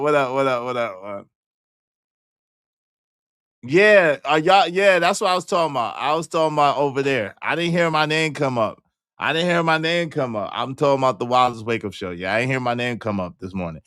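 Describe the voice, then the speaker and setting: A man hosting a casual livestream, reading viewer comments and joking in repeated denials, jumping between loud high exclamations and low mutters. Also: no room sound, studio quality. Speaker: livestream host.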